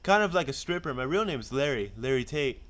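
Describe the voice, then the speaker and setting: A man's voice: medium pitch, animated, brisk, a bit bright. A man reading character lines in a casual script read-through, with chatty asides. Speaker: script reader.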